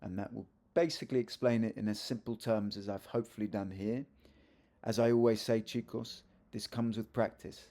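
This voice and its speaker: Gravelly, mellow male language teacher. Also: fairly low pitch, fairly even intonation, moderate pace. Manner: chatty, self-correcting teacher with asides. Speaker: Spanish teacher. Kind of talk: video lesson explaining grammar.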